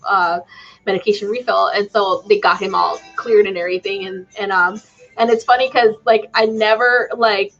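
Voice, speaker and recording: A woman's voice: medium pitch, steady tone, normal speed, fairly bright tone, lo-fi sound, soft background music. A woman talking casually as a psychic channeler on a live stream, rambling with many fillers and tacking "okay?" onto her lines. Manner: rambling, full of "um", "like" and tag "okay?".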